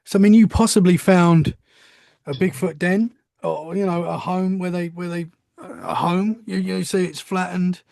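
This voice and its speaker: High gravelly man hosting. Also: fairly even intonation, a little slow, darkish tone, dry recording, clean studio sound. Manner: short enthusiastic reactions, says "man" often. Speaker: podcast host. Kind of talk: casual podcast chat.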